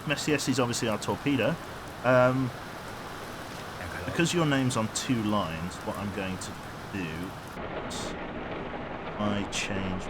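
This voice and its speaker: A medium-pitched man streams a submarine game live against a noisy background. He rambles, hums to himself while thinking about his crew, and reads the chat aloud.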